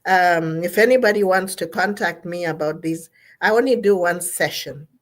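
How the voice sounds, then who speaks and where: A woman's lowish voice moves at a normal speed as she, a Zambian therapist, gives an online gathering a strongly delivered motivational talk about mental health. She repeats crucial words and spells them out.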